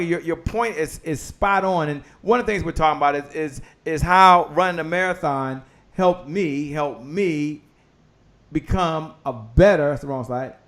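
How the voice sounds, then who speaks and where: A man hosting a live business show, giving an energetic motivational talk full of repeated words and exclamations. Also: on the high side. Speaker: host.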